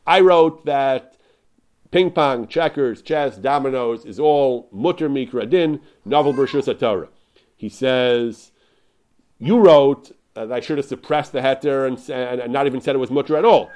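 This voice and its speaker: Male Torah lecturer, mid-pitched, informal, animated retelling with many restarts. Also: normal speed. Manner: animated retelling, repeats "he says", frequent restarts.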